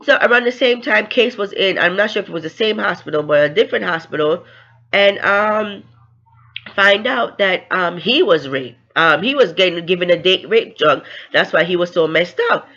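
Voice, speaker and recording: A woman's voice: on the low side, lively intonation, normal speed, pushed and bright, dull audio. A woman recapping a novel in a casual, chatty way, with fillers and tag questions. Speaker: book reviewer.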